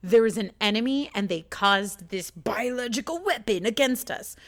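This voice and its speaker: A woman's voice: medium pitch, expressive, moderate pace. A woman from the United States talking in a casual, rambling chat, swearing a lot and getting emotional as she tells her story.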